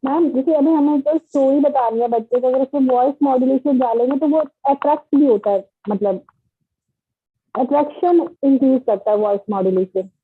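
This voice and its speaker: Brief: Indian woman, very fast, high, breathy, phone-quality call line. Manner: mixes Hindi and English. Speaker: student in online class. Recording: tinny phone-like call audio.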